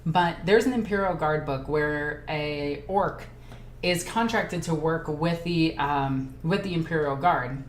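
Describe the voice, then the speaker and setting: Speaking in a low voice at a slightly slow pace, a female streamer runs a casual livestream Q&A, reading comments from viewers aloud. She's excitable and talkative, hopping between subjects, and the echoey room carries faint background noise.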